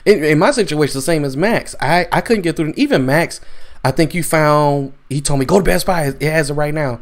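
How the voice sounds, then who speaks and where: A man's voice: on the high side, brisk. A man co-hosting a gaming podcast, venting in a rambling, frustrated, casual way. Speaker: podcast co-host. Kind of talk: casual chat.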